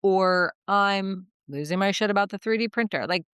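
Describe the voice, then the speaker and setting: A woman's voice: mid-range voice, normal speed, a bit bright, clean tone, dry recording, studio quality. A woman hosting a podcast conversation, affirming and emphatic, speaking frankly. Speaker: podcast host, therapist.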